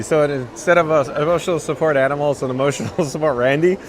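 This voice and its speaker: Brief: man, fairly high voice, live stream host, giggly and rambling, faint outdoor noise behind. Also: quick pace, few pauses. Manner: laughing helplessly, giddy and rambling. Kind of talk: casual live stream chat. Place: outdoors at a theme park.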